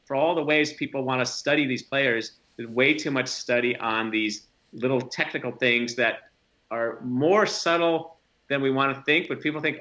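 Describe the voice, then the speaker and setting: Bright-voiced man musing on practice. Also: medium pitch, normal speed, highs cut off. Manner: reflective, thinks aloud with restarts. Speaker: guest. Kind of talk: casual podcast conversation.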